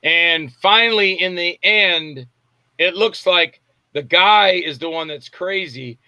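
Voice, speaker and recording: A man, a film director, telling lively anecdotes in a casual interview, acting out the voices in his stories. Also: sits high, takes it slowly, no room sound. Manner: animated anecdotes, acts out voices and shouts. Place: Tampa area, Florida.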